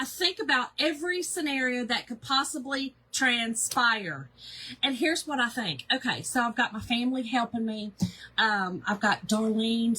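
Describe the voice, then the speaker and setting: A woman hosts a casual craft livestream with a slightly husky, higher-pitched voice. She rambles cheerfully, greets viewers one by one, and jokes about her own habit of overthinking. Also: bright, forceful tone. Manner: chatty and rambling, greets viewers by name, self-deprecating.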